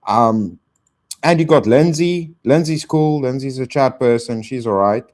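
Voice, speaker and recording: A man's voice: medium pitch, unhurried, darkish tone. A man hosting a casual live stream, swearing and thanking donors in slang.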